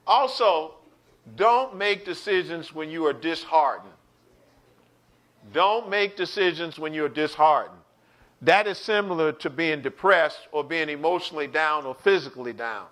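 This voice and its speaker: A man preaching an online Bible study, animated, repeating words and calling out to his listeners. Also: fairly high pitch, measured pace. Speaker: pastor teaching a Bible study.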